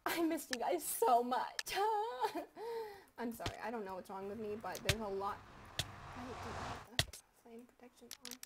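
Over her gameplay, a young gaming commentator chats loosely in a high voice, joking and cursing, her rambling talk punctuated by abrupt loud yells. Recorded on a close mic at home, she sounds expressive and unhurried, with a very noisy recording.

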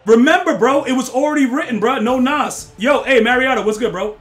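High-voiced excitable male game streamer. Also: fairly quick. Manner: excitable, swears, loud outbursts at the game; teasing banter with chat. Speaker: gaming streamer. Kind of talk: live game-stream chat with viewers.

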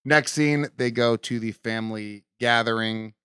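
A man's voice: medium pitch, a little slow, smooth, dry recording, clean studio sound. Profane man recapping a sitcom. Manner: profane, mocking, animated retelling with voices. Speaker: podcast host. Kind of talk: casual chat recapping a sitcom episode. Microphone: studio mic.

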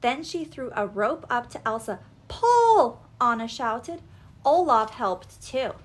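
Animated woman reading a children's story. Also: fairly high pitch, unhurried. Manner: expressive and animated. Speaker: storybook reader. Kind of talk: read-aloud children's story narration.

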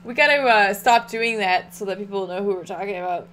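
A woman giving enthusiastic play-by-play on a fighting game stream, with loud exclamations. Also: mid-range voice, a little fast, poor audio. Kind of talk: casual esports commentary.

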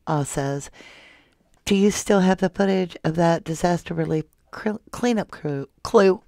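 A soft-spoken woman hosting a true crime livestream, reading viewer comments aloud and calling her viewers love and honey. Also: lowish voice, a little slow, dry recording, clean studio sound. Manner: affectionate toward viewers, calls them love and honey. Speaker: true crime channel host.

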